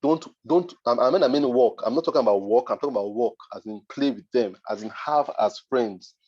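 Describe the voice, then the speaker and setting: A man's voice: medium pitch, a little fast, darkish tone. Emphatic Nigerian man, dull recording. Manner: emphatic, repeats points for force. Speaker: design mentor. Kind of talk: motivational masterclass talk.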